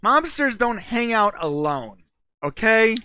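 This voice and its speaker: A man's voice: high voice, big pitch swings, slow pace, sharp tone, smooth, no echo, highs cut off. A man from California co-hosting a show, joking and telling game matchups as loose, self-mocking stories. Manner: jokey, laughs at himself, loose storytelling. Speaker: co-host. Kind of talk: casual comedic chat, narrating game matchups.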